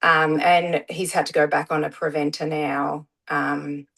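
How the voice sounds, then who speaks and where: Chatty middle-aged woman, low voice. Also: little pitch movement, unhurried, creaky, a bit bright, poor audio. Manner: chatty, many "um" fillers. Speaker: guest, parent. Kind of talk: casual interview storytelling.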